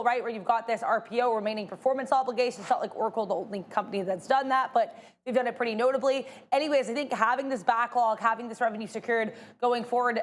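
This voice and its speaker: Woman market analyst rattling off earnings numbers fast, highish voice. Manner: quick, confident, conversational.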